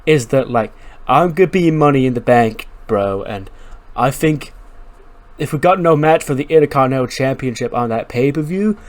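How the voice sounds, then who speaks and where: A man's voice: mid-range voice, lively intonation, moderate pace, natural voice. A man voicing a laid-back young male wrestler who rambles on in surfer-bro slang. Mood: eager.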